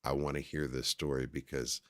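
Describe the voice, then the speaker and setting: A man hosting a casual interview, encouraging his guest with slangy, quick reactions. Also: rumbling low, little pitch movement, no echo, studio quality. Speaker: host.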